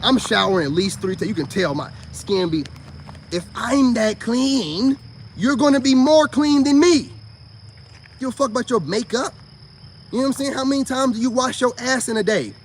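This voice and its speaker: A man giving a profane, mocking monologue, swinging between high outbursts and low mutters. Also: moderate pace, a little hiss or hum. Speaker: online commentator. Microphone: self-recorded video.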